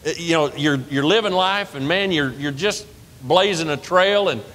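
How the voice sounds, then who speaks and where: A man preaching a sermon as pastor, lively and conversational, asking the congregation questions and laughing along with them. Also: normal speed. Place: church sanctuary. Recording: reverberant church hall with faint rumble.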